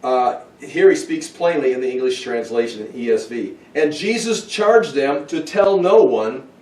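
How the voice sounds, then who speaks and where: A man's voice: mid-range voice, expressive, normal speed, a little mellow. A man teaching a Bible study who thinks aloud with restarts and asides. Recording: roomy, from far off the mic.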